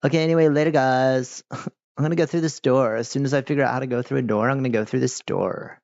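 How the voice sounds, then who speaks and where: A man's voice: medium pitch, fairly even intonation, quick pace, gravelly, a little mellow, no echo. A man casually commenting while he plays a video game, chatty and distracted, talking back to the characters. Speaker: gaming streamer. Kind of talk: casual let's-play commentary. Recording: dull lo-fi mic.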